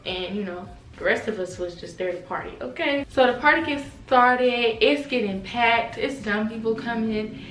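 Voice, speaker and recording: A woman casually telling a party story to camera, animated, slangy and profane, acting out the quotes. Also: fairly high pitch, moderate pace, soft background music. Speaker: storytime vlogger. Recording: echoey room, mic at a distance.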